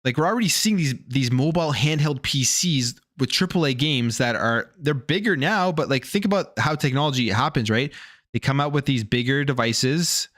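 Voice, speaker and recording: A male gaming news streamer talks in a loose, opinionated way, stumbling over his words and circling back to restart sentences. His voice sits at an ordinary middle pitch. The sound is dry and close, with no room echo. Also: normal speed, fairly bright tone. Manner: rambling, restarts and repeats words. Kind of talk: casual opinionated commentary.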